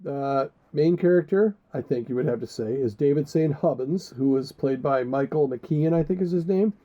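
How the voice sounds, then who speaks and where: A man's voice: a little high, moderate pace. A man co-hosting a casual podcast, rambling and joking with crude asides. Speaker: podcast co-host. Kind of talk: casual chat. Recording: muffled lo-fi podcast audio.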